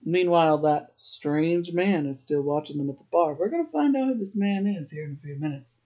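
A man's voice: on the high side, lively intonation, normal speed, warm tone. Chatty man recapping a TV episode. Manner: chatty, laughs often, uses "like" a lot. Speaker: podcast host.

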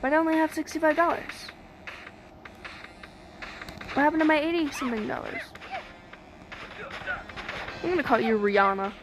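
A woman giving casual let's-play commentary, excitable and chatty, swearing and joking at the game's characters. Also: high voice, normal speed, pauses often, noisy background. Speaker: gaming streamer. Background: game music.

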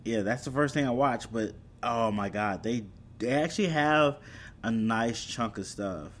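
A man chats casually about anime and streaming apps, rambling, correcting himself and laughing at his own slips. His voice is medium in pitch and measured in pace, with a little hiss or hum in the background.

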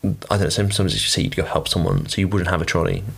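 A man's voice: low voice, big pitch swings, fast, creaky, fairly bright tone, husky. A young man hosting his own podcast, rambling casually with lots of fillers and blunt swearing. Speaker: podcast host. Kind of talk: casual solo podcast monologue.

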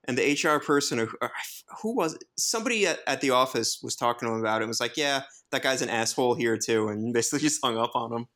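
A man co-hosting a casual podcast chat, cracking deadpan jokes. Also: mid-range voice, rapid-fire, few pauses. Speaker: podcast co-host.

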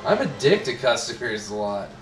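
A man's voice: mid-range voice, big pitch swings, moderate pace, far from the mic, over music. A young man who works at a sub shop, chatting casually and sarcastically with lots of swearing. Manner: sarcastic, swearing, acts out coworkers in quotes. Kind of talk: casual podcast chat. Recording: echoey room, off-mic, faint noise.

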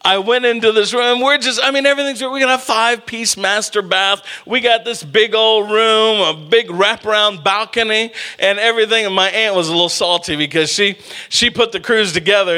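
A man preaching a sermon full of humorous personal stories. His voice sits high and sounds bright and forward. He keeps calling out to the congregation as he goes. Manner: animated, humorous, calls out to the congregation. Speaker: pastor. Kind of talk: storytelling sermon.

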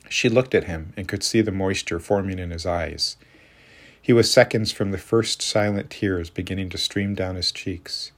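A man narrating a story in a calm, steady reading voice. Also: sits low, moderate pace. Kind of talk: audiobook narration.

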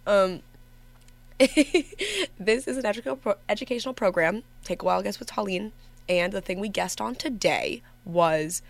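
A young woman hosting a college radio show in a studio, chatting casually with giggles, rambles and self-corrections, sometimes a bit monotone. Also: mid-range voice, normal speed. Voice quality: somewhat monotone at times. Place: empty radio station studio.

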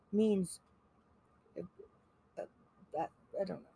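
A woman's voice: medium pitch, expressive, measured pace, vocal fry, long pauses, a little mellow, slightly rough, no room sound. A woman co-hosting a horror podcast, easygoing and often laughing as she explains. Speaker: podcast co-host. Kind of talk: casual chat.

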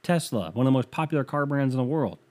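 This is a young man hosting a podcast and talking fast in a lively, medium-pitched voice with a darkish tone. His casual comedic riffing is rambling and wry, full of filler words.

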